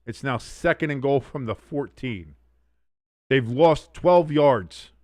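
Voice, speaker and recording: A man hosting a sports watch-along stream, giving excitable play-by-play with blunt, profane reactions. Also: medium pitch, takes it slowly, dry recording, clean studio sound. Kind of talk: casual live sports commentary.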